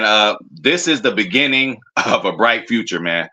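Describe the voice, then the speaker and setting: A man streaming a casual, excitable reaction to his football team's draft picks, full of slang and talking straight to his chat. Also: lowish voice, normal speed. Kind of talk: casual live reaction commentary.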